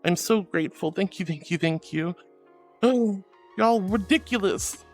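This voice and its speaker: A woman live-streaming, gushing affectionately and giggling as she thanks her viewers in a soft, sweet way. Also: medium pitch, unhurried, faint music behind. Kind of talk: casual live-stream chat.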